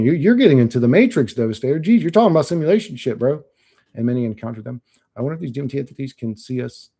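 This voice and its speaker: A man's voice: medium pitch, vocal fry, dark tone, slightly rough. A young man streaming live, chatting casually and bluntly, cursing often and laughing at chat.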